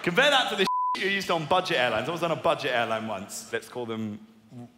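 Animated English stand-up comedian. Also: male voice, medium pitch, quick pace. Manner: animated, sweary, mock-indignant. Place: live comedy venue. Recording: echoey hall, loud crowd noise.

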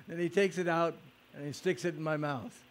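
A man telling personal stories in a lecture, conversational and animated, acting out footsteps with vocal sounds. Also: fairly high pitch. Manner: conversational, with fillers and repeated starts. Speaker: speaker recounting personal stories. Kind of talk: storytelling lecture.

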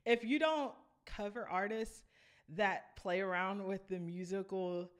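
A woman's voice: mid-range voice, unhurried. A woman vocal coach, teaching vocal runs and singing short demonstrations between explanations. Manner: enthusiastic, breaks into sung demonstrations.

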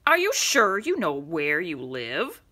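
A woman voicing a loud, teasing, scruffy male bus driver in a children's storybook, booming and mocking. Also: huge pitch swings, slow pace, slightly rough, heavily acted.

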